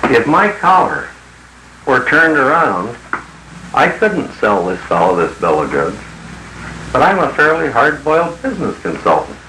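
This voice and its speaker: A man's voice: mid-range voice, big pitch swings, a little slow, pushed and bright, roomy sound, slight background noise, low-quality recording. A man working as a business consultant tells blunt, folksy stories to a group in an archival 1950s recording. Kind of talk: anecdotal talk to a group.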